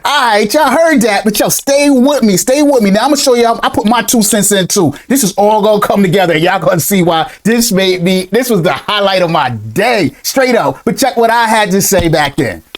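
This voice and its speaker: A man hosting casual reaction commentary, talking to viewers in an animated, slangy way and laughing often. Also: high voice, a little fast, few pauses. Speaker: crypto commentator.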